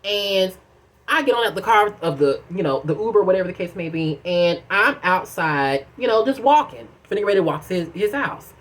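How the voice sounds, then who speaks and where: Talking to the camera, a young female vlogger shares something personal in a relaxed, gossipy tone, repeatedly saying "girl" and "y'all." She's animated and fairly quick, her voice leaping in pitch and loudness.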